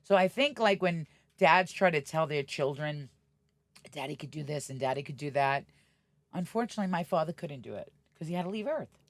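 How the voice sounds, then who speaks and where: On a podcast, a middle-aged guest shares stories in a casual interview at a fairly quick clip, her voice low-pitched. She's blunt, swears freely and brings the people she quotes to life by acting out their voices. The recording is dry.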